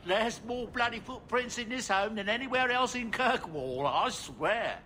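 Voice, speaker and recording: A man's voice: high voice, animated, slow pace, sharp tone, a little hiss or hum, exaggerated voice. An actor playing an aging dwarf manservant in a game, chatty and fatherly, rambling along with chuckles. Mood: fond. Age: older.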